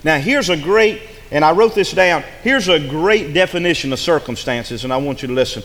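A man's voice: on the high side, expressive, normal speed, a bit bright. A man preaching a sermon as pastor, emphatic and repeating lines for effect. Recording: long hall reverb.

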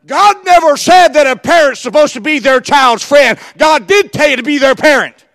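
A man preaching a fiery sermon, shouting for emphasis and acting out quoted dialogue. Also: very high voice, normal speed, no room sound, clean studio sound, in a large hall. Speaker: pastor.

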